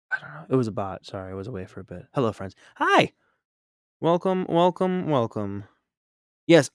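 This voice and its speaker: A man's voice: mid-range voice, smooth, no echo, studio quality. A man painting on a live stream, chatting casually and reacting to chat in an upbeat, rambling way.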